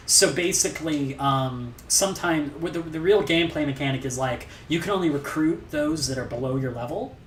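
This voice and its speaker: Game streamer host, woman with a very low voice, upbeat explainer; roomy, distant mic. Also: brisk, hardly any pauses, slight background noise. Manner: upbeat, explains mechanics, eggs on chat. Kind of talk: live game-stream commentary.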